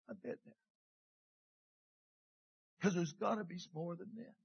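A middle-aged man preaching a sermon with passion, dropping to a hush and rising again, repeating his phrases. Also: high-pitched, moderate pace, creaky, slightly rough, dull audio. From Canada. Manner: passionate, swings from hushed to loud, repeats phrases. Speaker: pastor.

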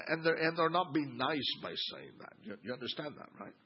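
A man preaching a sermon and reading scripture aloud, acting out the crowd's sneering lines with lively emphasis. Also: on the high side, fairly quick, hardly any pauses, breathy edge, highs cut off. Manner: animated, mimics the crowd's sneering tone. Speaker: pastor.

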